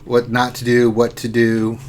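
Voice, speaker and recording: A man's voice: medium pitch, monotone, a little slow, slight background noise. A man co-hosting a casual gaming livestream, teasing his co-host and laughing often.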